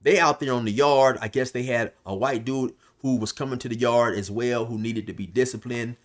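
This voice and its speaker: A man's voice: mid-range voice, fairly even intonation, normal speed. A man casually telling a long prison story, rambling with restarts and fillers. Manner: loose, rambling, restarts, shouts when quoting others. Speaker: storyteller recounting prison life.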